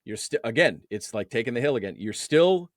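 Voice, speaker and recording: Brisk and lively in intonation, this medium-pitched male guest coaches men on their emotions. In a conversational interview he uses everyday analogies to get his ideas across and raises his voice on key words, with clean studio sound and no echo.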